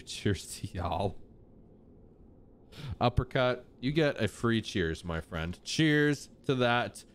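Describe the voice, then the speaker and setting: A man hosting a live gameplay stream, chatting upbeat with his viewers and greeting them casually. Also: mid-range voice.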